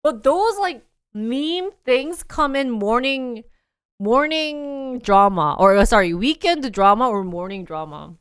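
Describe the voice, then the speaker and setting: Young woman, lively livestream chat, smooth clear voice, dry close sound, bouncy delivery. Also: a little high, slow, no echo. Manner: animated, laughs often, acts out scenes in voices. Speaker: live streamer.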